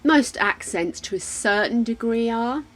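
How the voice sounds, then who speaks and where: A woman's voice: on the high side, expressive, a little slow, soft background music, poor audio. A woman from the UK chatting casually as a live streamer, muttering to herself while she plays a game. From United Kingdom. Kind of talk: casual gameplay chat.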